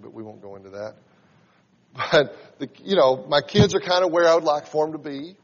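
A man in his forties preaching a sermon, teaching in a conversational way and reading scripture aloud with rising emphasis. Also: mid-range voice. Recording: dull sound in a reverberant hall.

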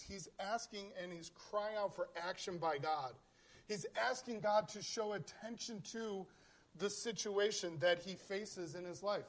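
A man's voice: high-pitched, a little slow, fairly bright tone. A man preaching a sermon in church, earnest, often stumbling and repeating words as he voices heartfelt prayers aloud. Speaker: pastor. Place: church in South Central Pennsylvania.

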